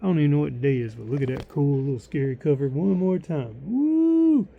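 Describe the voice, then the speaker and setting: A man's voice: mid-range voice, fast, gravelly, phone-quality sound. A tired man chatting casually to camera about his new book, rambling with lots of likes and restarts.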